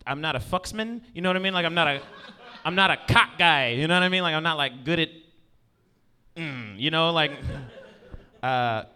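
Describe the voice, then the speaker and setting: A man's voice: a little high, lively intonation, moderate pace, sharp tone, clear, resonant tone. A male comedian doing a stand-up set on stage, rambling and self-deprecating and often checking in with the crowd. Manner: rambling, self-deprecating, keeps asking "you know what I mean". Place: stage before a live audience.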